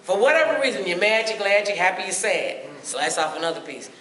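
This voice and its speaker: A woman's voice: mid-range voice, a little fast. A woman giving a humorous, sassy health talk to a live audience, acting out little voices as she goes. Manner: sassy, lively, acts out voices. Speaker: motivational speaker. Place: large hall with audience. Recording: echoey hall, mic from far off, noisy.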